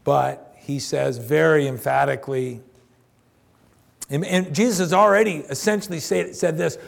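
Gravelly-voiced pastor in his fifties. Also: on the high side, normal speed. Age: 50s. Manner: conversational, emphatic, addresses congregation directly. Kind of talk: sermon.

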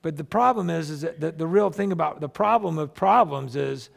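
A man's voice: fairly high pitch, fairly quick, creaky. A man preaching a sermon to a congregation, talking animatedly and acting out people's complaints. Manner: animated, acts out quoted complaints. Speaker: pastor.

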